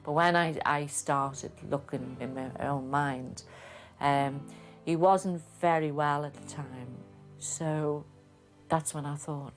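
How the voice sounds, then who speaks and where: An older woman, lively telling stories from her past in an interview. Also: sits low, slow pace, soft background music. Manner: lively storyteller, acts out quotes. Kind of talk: reminiscing interview.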